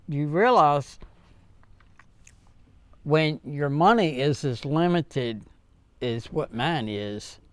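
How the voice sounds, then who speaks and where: A man with a fairly high, smooth voice talks to his viewers slowly and earnestly, full of ums, uhs and restarts. The sound is close and dry, with no room around it. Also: dry recording. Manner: halting, with many fillers and restarts; earnest and heartfelt. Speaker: channel host. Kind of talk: casual vlog talk to viewers.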